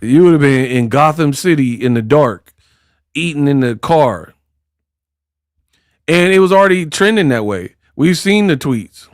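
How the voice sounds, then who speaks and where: A man streams casual commentary, ranting and teasing in loose slang. He talks slowly and unhurriedly, and the sound is dry and close with no room around it. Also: on the high side, animated, no room sound. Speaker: YouTuber streamer.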